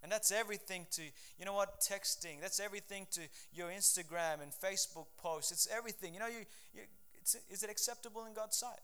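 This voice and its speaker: A middle-aged pastor preaching a sermon in a fervent, conversational way, with frequent restarts. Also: male voice, sits high, fairly quick, hardly any pauses, pushed and bright, smooth.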